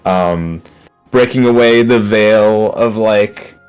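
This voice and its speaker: A man's voice: fairly low pitch, takes it slowly, clear, resonant tone, soft background music. A man co-hosting a casual podcast chat, thinking aloud with many fillers and trailing phrases. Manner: rambling, heavy fillers like 'like' and 'um'. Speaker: podcast co-host.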